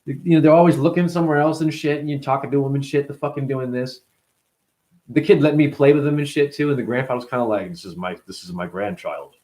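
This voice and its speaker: A man's voice: a little high, steady tone, fast, mellow. A man talking as a spiritual teacher in a loose, profane monologue, playful and fond of acting out other people's voices. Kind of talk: rambling spoken monologue.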